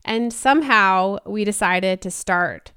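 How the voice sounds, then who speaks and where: Animated woman podcast co-host. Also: mid-range voice, slow pace, smooth, no echo, studio quality. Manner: animated, laughs easily. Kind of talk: casual podcast chat.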